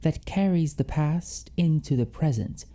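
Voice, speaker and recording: A man's voice: fairly high pitch, unhurried, warm tone. A man hosting a fragrance review vlog, moving between reading scripted perfume descriptions and gushing, theatrical reactions.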